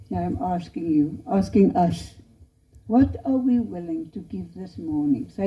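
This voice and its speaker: A woman's voice: fairly low pitch, lively intonation, a little slow. A woman preaching a missionary appeal in a church chapel, earnest and pleading as she tells a story. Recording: lo-fi dull recording.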